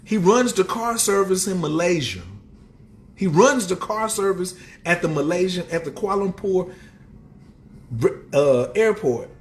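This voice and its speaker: A man hosting a casual motivational livestream, talking in streetwise slang and greeting viewers in the chat. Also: measured pace. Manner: animated, swings up and down in pitch. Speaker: livestream host and motivational speaker.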